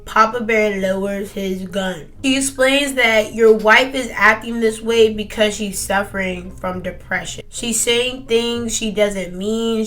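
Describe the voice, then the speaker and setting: With faint music playing behind her, a teen girl chats her way through the tale of a school project, peppering it with "like." Her voice is medium-pitched and fairly bright.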